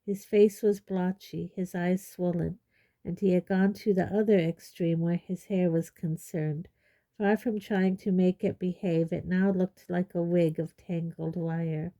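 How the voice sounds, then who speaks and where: Woman reading an audiobook, mellow. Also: on the low side, a little slow. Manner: steady storytelling. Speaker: audiobook reader. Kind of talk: audiobook narration.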